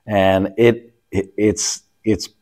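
A man's voice: lowish voice, level tone, drawn-out words, darkish tone. A man from Canada co-hosting a travel podcast, talking casually and rambling about his recent trips. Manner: rambling, restarts often, travel anecdotes. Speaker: podcast co-host. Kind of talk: casual chat.

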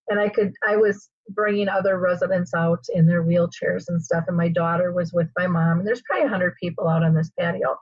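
A woman hosting an interview, an animated storyteller who uses frequent fillers, on a dull lo-fi recording. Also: lowish voice, breathy edge, no echo. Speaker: host.

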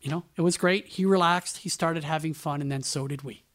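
A man's voice: fairly high pitch, brisk, fairly bright tone. A man hosting a radio show, telling a backstage story in a chatty way with conversational asides. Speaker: radio host.

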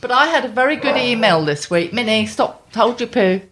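A woman co-hosting a podcast in relaxed chat, mixing jokes with serious moments. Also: fairly high pitch, normal speed. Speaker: podcast co-host. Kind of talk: casual chat.

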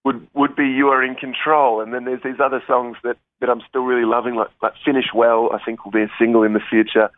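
A man's voice: medium pitch, flat delivery, no echo. Man on phone line, dry tinny sound, friendly musician guest, restarts a lot. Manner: friendly, halting with many restarts. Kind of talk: casual radio interview over the phone.

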